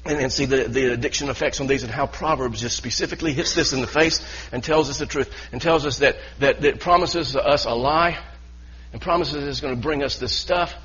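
A man's voice: medium pitch, a little fast, a bit bright, highs cut off, a little hiss or hum. A man preaching a sermon as pastor, earnest and full of restarts and repeated words.

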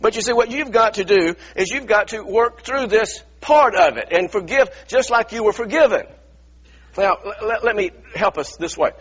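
A middle-aged pastor preaching a sermon in a church, earnest and repetitive, stumbling over restarts and firing rhetorical questions. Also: male voice, sits high, normal speed, fairly bright tone, husky, lo-fi sound.

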